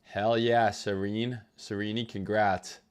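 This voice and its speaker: A man's voice: on the low side, little pitch movement, slow pace, clear, resonant tone. A man hosting a crypto trading livestream, chatting loosely with profanity and greeting viewers from the chat. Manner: loose, profane, reads chat names aloud. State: recovering from illness.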